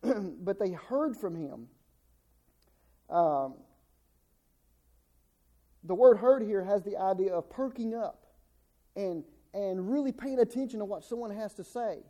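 A man's voice: sits high, warm tone. A middle-aged man preaching a sermon in a folksy way, stumbling over repeated words and acting out the people he quotes.

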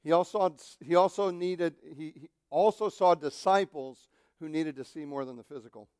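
A male pastor preaching a sermon, animated and conversational, who jumps into quoted voices and drops jokes along the way. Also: high-pitched, no room sound, clean studio sound.

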